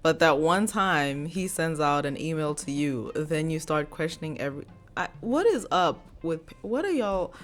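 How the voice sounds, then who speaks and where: Woman host, lowish voice, blunt sarcastic reaction commentary. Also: expressive, moderate pace, faint music behind. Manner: blunt, sarcastic, talks straight at the viewer.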